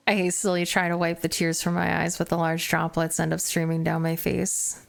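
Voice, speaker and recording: A woman streamer reading a visual novel aloud, narrating in first person with expressive, self-mocking asides. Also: lowish voice, normal speed, vocal fry.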